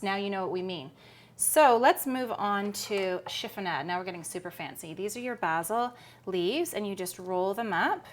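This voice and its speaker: Woman, cooking show host, chatty, upbeat, playful asides, middle-aged. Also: medium pitch. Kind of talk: cooking demonstration.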